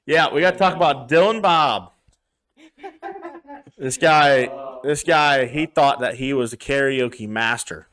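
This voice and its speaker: A man's voice: medium pitch, a little slow, a bit bright, clear, resonant tone. A young man co-hosting a podcast, telling rambling bar stories in casual chat, swearing a lot and acting out what people said. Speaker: podcast co-host.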